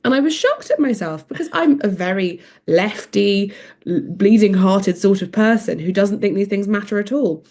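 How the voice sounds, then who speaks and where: A woman's voice: mid-range voice, expressive, moderate pace, a little mellow. A woman with a posh English accent, speaking frankly and with self-mockery in an interview. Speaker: interviewee, mother. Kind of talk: candid interview.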